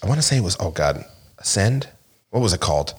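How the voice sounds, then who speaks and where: A middle-aged man co-hosting a podcast, telling animated stories in casual chat and laughing often. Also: low-pitched, fast talker, husky. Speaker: podcast co-host.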